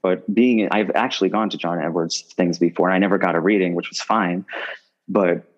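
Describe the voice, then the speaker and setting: A man, a guest medium, talks casually in an interview, rambling, often restarting his phrases and getting animated when he tells stories. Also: low voice, fairly quick, muffled recording.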